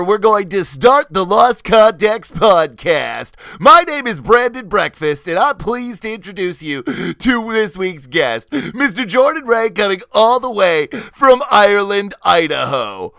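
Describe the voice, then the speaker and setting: A man's voice: very animated, unhurried, gravelly, few pauses, fairly bright tone, no echo, studio quality, exaggerated voice. A man putting on an over-eager male game-show announcer voice for a mock show introduction. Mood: grandiose. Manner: booming, theatrical and drawn out. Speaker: host.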